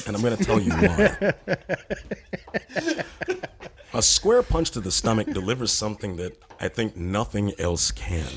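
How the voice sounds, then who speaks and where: A man voicing a pompous, self-styled male sage in a comedy bit, speaking in a deadpan, grandiose and slow way. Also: sits low, slight background noise.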